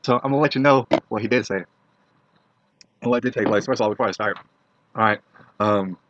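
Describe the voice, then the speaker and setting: Blunt ranting man, low voice. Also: a little fast, fairly bright tone, a little hiss or hum. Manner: blunt, profane, keeps asking "all right?". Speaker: vlogger. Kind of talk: ranting opinion monologue to camera. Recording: dull lo-fi dry recording.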